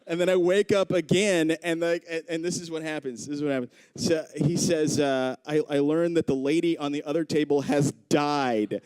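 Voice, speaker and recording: A young adult man does stand-up on a comedy club stage, telling a story and animatedly acting out the voices of the people in it. His voice is fairly high and clean, with normal speed, few pauses, and no room sound.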